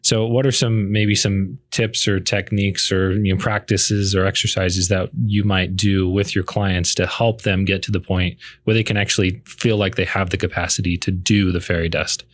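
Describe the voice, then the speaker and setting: A man co-hosting, asking the guest measured, thoughtful questions. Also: low-pitched, level tone. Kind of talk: interview questions.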